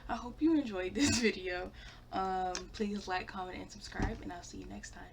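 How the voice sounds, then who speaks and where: A young woman vlogging casually to camera, relaxed and chatty, with lots of fillers and small laughs. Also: medium pitch, normal speed. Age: young adult.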